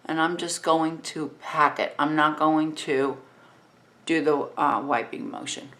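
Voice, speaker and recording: A woman in her fifties with a New Jersey accent, talking through a makeup tutorial in a relaxed, chatty way while she works. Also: deep voice, a little slow. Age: 50s.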